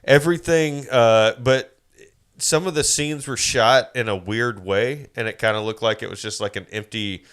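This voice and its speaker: A man co-hosting a casual podcast, walking through a film's plot in a loose, rambling way and swearing freely. His voice is smooth and resonant, at an ordinary pitch for a man. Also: normal speed, a bit bright. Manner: rambling recap with profanity. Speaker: podcast co-host. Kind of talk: casual movie-review chat.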